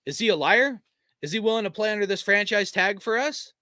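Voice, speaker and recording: A man's voice: high voice, animated, brisk, bright, forceful tone, dry recording, clean studio sound. A man hosting a fan stream, venting in a frustrated, profane rant full of fillers while reading chat, tired after a long day. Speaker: fan channel host.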